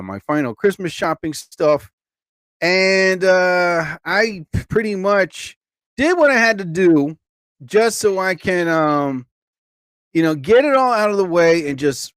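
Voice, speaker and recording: Brief: chatty, animated male livestream host, rambling, very dry close sound. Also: a little high, dry recording. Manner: rambling, animated, lots of fillers. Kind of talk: rambling live-stream chat.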